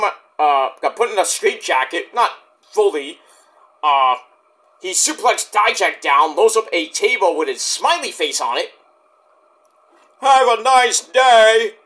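A man's voice: on the high side, animated, measured pace, pauses often, bright, forceful tone. A man giving a rambling, jokey wrestling review, swearing freely and joking on the side. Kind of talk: casual spoken review.

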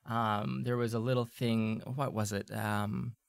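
A man's voice: on the low side, little pitch movement, measured pace, vocal fry, smooth, no room sound, clean studio sound. A man voicing a young male student rival who stammers and needles with pointed politeness, in tabletop role-play. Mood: needling.

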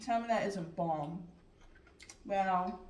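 A woman's voice: medium pitch, takes it slowly, a little mellow. A woman chatting on a mukbang, enthusiastic and reminiscing about food. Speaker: mukbang co-host. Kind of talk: casual chat while eating. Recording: roomy echo, mic far off, faint noise.

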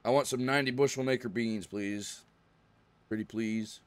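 A man streaming a farming game, chatting casually and rambling, often clearing his throat. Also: medium pitch, fairly quick, no echo. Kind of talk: casual live-stream chat.

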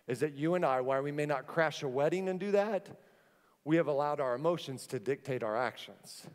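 A man preaching a sermon from a church stage, an animated storyteller who acts out the scenes he describes. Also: fairly high pitch. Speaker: pastor. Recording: long church hall reverb.

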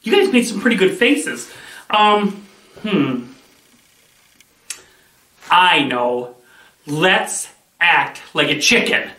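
A man leads a children's Bible lesson with lively, swooping pitch and a bright, forceful tone. He sounds upbeat and playful as he calls out game commands. The voice sits back from the mic in a roomy, echoing space. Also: drawn-out words, pauses often. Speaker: children's ministry teacher. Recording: echoey room, voice from a distance.

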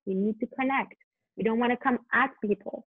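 Earnest higher-voiced woman on a tinny line. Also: fairly quick, slightly rough, no room sound. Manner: earnest, animated, repeats words and restarts. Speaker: guest, parenting coach. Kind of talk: podcast conversation. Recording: dry tinny phone-line sound.

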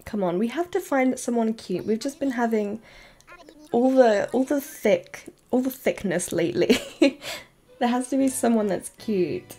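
Chatty giggly lady streaming a game, kinda high voice, gets squealy when excited. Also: a little slow. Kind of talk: casual live-stream chat while playing.

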